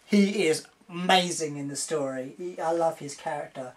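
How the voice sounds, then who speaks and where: A woman giving a casual spoken review, excitable and rambling, often giggling as she talks. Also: sits low, normal speed. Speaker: video reviewer.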